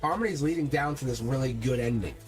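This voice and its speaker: A man's voice: medium pitch, fast talker. A man giving a live tarot reading, talking emphatically and directly to his viewers. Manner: energetic, emphatic, talks straight to viewers. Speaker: tarot reader. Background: faint music.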